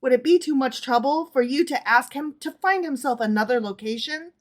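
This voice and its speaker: A woman's voice: sits high, brisk, voice pushed up, lightly acted. Lady reading as a timid lil tailor man, super polite, asking nicely, storytime. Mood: deferential. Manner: deferential, pleading requests. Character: humble little male village tailor, timid and polite. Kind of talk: read-aloud folktale.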